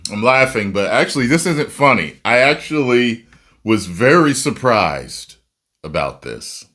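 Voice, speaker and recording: A man giving casual, animated movie reaction commentary with a rambling, self-interrupting manner. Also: medium pitch, a little slow.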